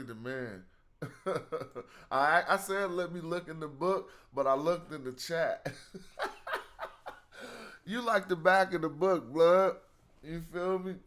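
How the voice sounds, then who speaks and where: A man's voice: medium pitch, a bit bright. A man hosting a casual live study stream, thinking aloud in slang as he works through hieroglyphs.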